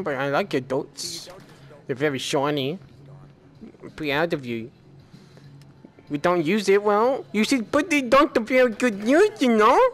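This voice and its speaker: A young man chatting casually and goofily while playing a game with a friend. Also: high voice. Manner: goofy, laughing, playful banter. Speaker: gamer. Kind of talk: casual gameplay chat.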